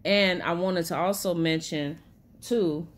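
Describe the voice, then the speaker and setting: A woman's voice: lowish voice, slow pace. A woman vlogger chatting casually about movies in an emotional, gushing way. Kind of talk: casual movie-recommendation vlog.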